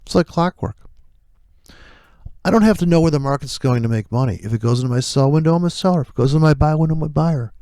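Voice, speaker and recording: A man's voice: a little high, quick pace, warm tone, no room sound, clean studio sound. A man giving blunt, profane commentary on his live trades, rambling through asides.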